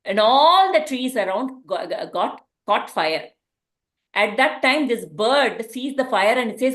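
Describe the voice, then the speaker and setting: A woman, teaching a spiritual class through a gentle, meandering parable. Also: mid-range voice, lively intonation, unhurried. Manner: gentle storytelling with restarts.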